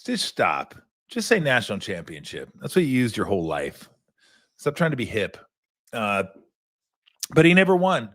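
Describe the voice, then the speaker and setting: An older man hosts a sports talk show in a loose, rambling monologue, tossing in profane and sarcastic asides. His voice sits on the low side. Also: big pitch swings, moderate pace, long pauses, a bit bright.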